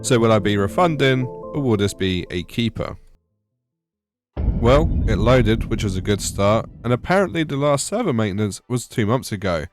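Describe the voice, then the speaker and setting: Wry low-voiced British man. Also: animated, moderate pace, music in the background. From United Kingdom. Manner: wry, sarcastic. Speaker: gaming YouTuber. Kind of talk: scripted gaming voice-over. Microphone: voice-over.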